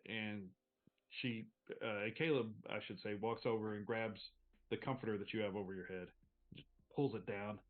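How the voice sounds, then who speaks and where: A male game master sets scenes and calls on players in an easy, halting way, full of fillers. His mid-pitched voice comes through a thin, phone-like video-call signal. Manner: relaxed, halting narration with fillers. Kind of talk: narrating a tabletop game. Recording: tinny call audio.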